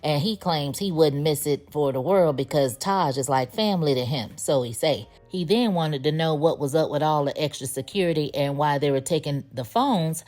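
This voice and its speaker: A woman's voice: low voice, normal speed, few pauses, a little mellow, faint music behind. A woman giving a casual spoken recap of a TV episode, telling the story in a chatty way with sassy asides. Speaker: TV show recap reviewer.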